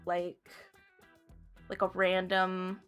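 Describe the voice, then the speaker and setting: Lady player getting flustered, slow and giggly, music in the back. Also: fairly low pitch, completely flat delivery, clear, resonant tone. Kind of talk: casual tabletop play.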